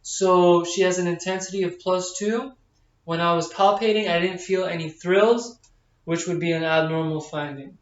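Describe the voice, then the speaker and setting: A man's voice: high-pitched, steady tone, normal speed, muffled recording. Man narrating an exam, echoey distant audio. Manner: explains each step aloud, with frequent fillers. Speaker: nursing student. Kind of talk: narrated physical exam demonstration.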